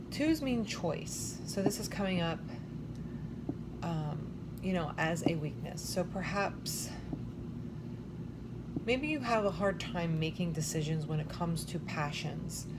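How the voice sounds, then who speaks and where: Breathless chatty woman reading tarot. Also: fairly low pitch. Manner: chatty, many fillers, thinks aloud. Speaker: tarot reader. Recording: loud background noise.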